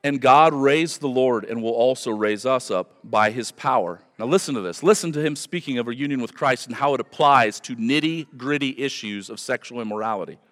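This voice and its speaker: A man's voice: mid-range voice, a little fast, hardly any pauses, a bit bright. A male pastor giving an earnest, emphatic sermon, repeating his key phrases for weight. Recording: long hall reverb.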